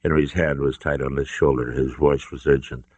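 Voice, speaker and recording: A man's voice: a bass voice, flat delivery, moderate pace, darkish tone, dry recording. A man reading an adventure story aloud with dramatic narration. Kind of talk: scripted narration. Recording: dull dry lo-fi audio.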